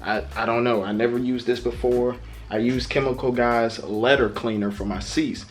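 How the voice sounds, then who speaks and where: A young man hosting a casual car-care vlog, chatting in a relaxed, informal way with slang. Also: medium pitch, normal speed, faint music behind. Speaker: car detailing vlogger. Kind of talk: casual product review vlog.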